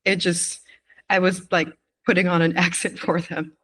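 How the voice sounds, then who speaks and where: A woman from Quebec, Canada, talking as a missionary guest in a casual interview, easygoing and quick to laugh, pausing with "um". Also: fairly low pitch, flat delivery, a bit bright, slight background noise. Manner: easygoing, laughs often, pauses with "um".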